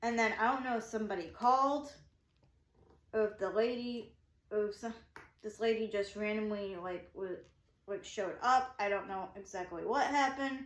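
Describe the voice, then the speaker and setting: A woman's voice: medium pitch, normal speed, roomy sound. A woman telling a story from her day casually, rambling with many restarts and acting out what people said. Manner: rambling, full of "I'm like" and restarts; excitable, acting out quoted dialogue. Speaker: vlogger recounting her day.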